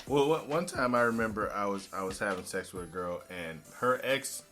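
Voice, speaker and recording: A man co-hosting a casual podcast chat, animated and joking. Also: on the low side, moderate pace, faint music behind. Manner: animated, jokey, laughs loudly. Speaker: podcast co-host.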